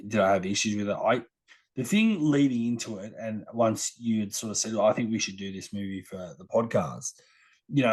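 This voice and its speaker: Relaxed male podcast co-host with a fairly low voice. He thinks aloud, pausing on ums and restarting his sentences as he goes. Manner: easygoing, hesitant, with many fillers. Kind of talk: casual podcast chat.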